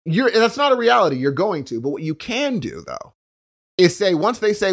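A man in casual conversation, talking in an animated way and acting out the voices he quotes. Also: high voice, normal speed.

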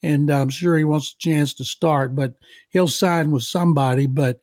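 An older man with a Texas accent, co-hosting a sports talk show, giving blunt, halting analysis. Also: on the high side, fairly even intonation, a little mellow, dry recording. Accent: Texan. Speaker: sports columnist co-host.

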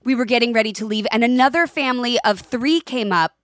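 A woman in her forties co-hosting a podcast, telling stories in a lively, animated way. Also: a little high, fast, no echo. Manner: animated storytelling with laughs and quoted voices. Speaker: podcast co-host. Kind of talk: casual chat.

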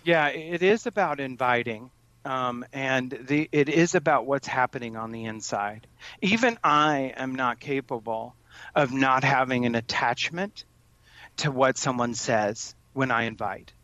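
A man's voice: medium pitch, fairly bright tone, no room sound, highs cut off. Earnest man coaching parents. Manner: earnest, with frequent restarts and stammered starts. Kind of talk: conversational advice.

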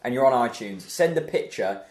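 A man's voice: medium pitch, animated, normal speed, darkish tone. A man hosting a football podcast in casual, jokey chat. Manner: chatty, jokey, laughs easily. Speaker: podcast host. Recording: echoey room.

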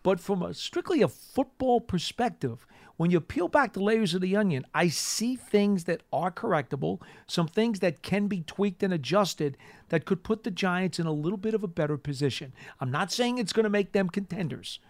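An energetic man hosts a sports talk radio show, with a slightly high voice. He talks with emphasis and builds as he gets excited. The studio sound is dry and close. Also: moderate pace, dry recording.

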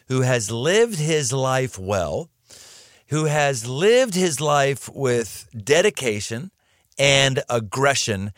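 A man's voice: medium pitch, a bit bright, dry recording, studio quality. Earnest man hosting an interview. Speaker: podcast host. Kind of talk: casual interview.

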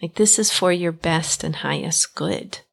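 Woman podcast host, lowish voice, gravelly fry, direct and encouraging delivery. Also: measured pace. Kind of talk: self-help podcast monologue.

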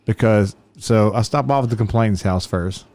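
Profane cop telling stories. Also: male voice, on the low side, normal speed, darkish tone. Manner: profane, laughing through stories. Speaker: police officer. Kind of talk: casual podcast storytelling.

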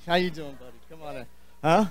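A middle-aged man with a New Jersey accent works a live stage as podcast host, his voice sitting high for a man. He talks in an animated, jokey, opinionated way. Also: fast talker. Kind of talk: live stage address to fans.

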